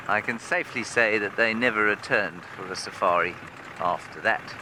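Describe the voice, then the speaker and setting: A man's voice: on the low side, unhurried. A man working as a safari guide, telling a humorous story live from a game drive vehicle outdoors. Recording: vehicle engine noise outdoors.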